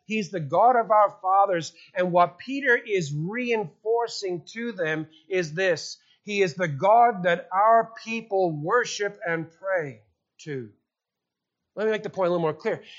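A man's voice: high voice, lo-fi sound. A male pastor preaching a sermon in an emphatic style, asking rhetorical questions.

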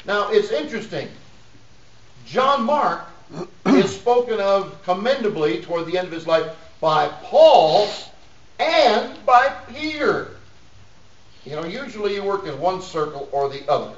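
A man's voice: high-pitched, animated, unhurried. A middle-aged man preaching a sermon in a folksy, joking way, laughing often between points. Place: church. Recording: echoey dull room sound from a distance.

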